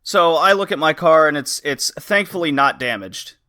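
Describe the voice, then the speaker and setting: Podcast co-host, male, bright tone, animated storyteller, casual swearing. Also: fairly high pitch, moderate pace. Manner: animated, laughs often while telling stories.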